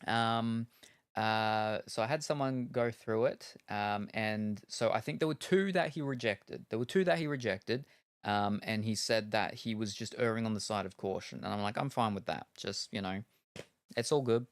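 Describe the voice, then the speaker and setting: A man's voice: on the low side, normal speed, clear, resonant tone, no echo. A male streamer in casual chat while gaming, rambling and joking with lots of ums and uhs. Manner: rambling and jokey, with many fillers.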